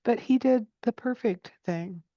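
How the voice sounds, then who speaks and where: A woman's voice: a little high, measured pace, no echo, highs cut off. A middle-aged woman hosting a casual chat, telling personal stories. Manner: storytelling, animated retellings. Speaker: host.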